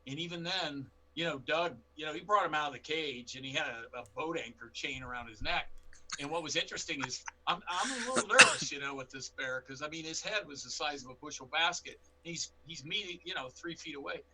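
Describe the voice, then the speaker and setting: Bright-voiced man telling bear stories. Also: on the high side, brisk, a little hiss or hum, poor audio. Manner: animated anecdotes with quoted dialogue. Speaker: bear expert guest. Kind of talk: storytelling in a panel interview.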